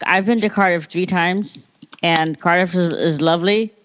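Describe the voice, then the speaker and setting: A woman's voice: fairly low pitch, moderate pace, slight background noise. A woman co-hosting a podcast in casual chat, emphatic and saying "you know" a lot. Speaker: podcast co-host. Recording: muffled lo-fi audio.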